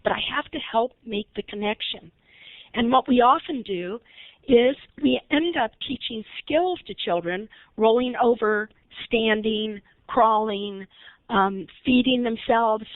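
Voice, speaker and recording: A woman's voice: on the high side, measured pace, dry recording. Woman trainer on a tinny phone line. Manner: conversational, asks the audience questions. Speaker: early intervention trainer. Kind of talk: recorded webinar training talk.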